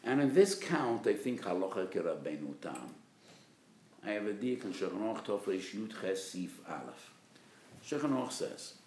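Animated low-voiced man lecturing on religious law. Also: moderate pace, roomy sound, slight background noise. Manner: emphatic, rising to loud stresses on key terms; acts out patients and doctors in quoted voices. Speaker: rabbi giving a legal lecture.

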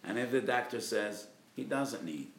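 A man, a rabbi, giving a spirited lecture on religious law, hitting key terms with loud emphasis and acting out quoted speakers. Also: mid-range voice, lively intonation, moderate pace, roomy sound, a little hiss or hum. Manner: acts out patients and doctors in quoted voices.

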